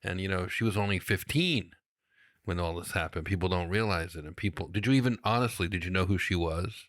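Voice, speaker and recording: A middle-aged male comedian, a guest on a podcast, explaining things in a measured, casual way. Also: deep voice, a bit bright, dry recording, clean studio sound. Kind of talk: casual interview chat.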